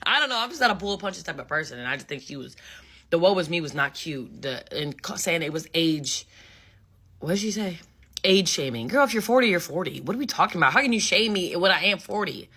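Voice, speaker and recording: Blunt, bright-voiced woman ranting. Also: fairly low pitch, husky. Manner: blunt, emphatic, repeats phrases for effect. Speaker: social media commentator. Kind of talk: casual commentary rant.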